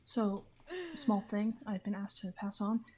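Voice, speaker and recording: A woman's voice: medium pitch, measured pace. A woman chatting on a livestream, teasing the host and laughing easily. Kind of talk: casual chat on a livestream.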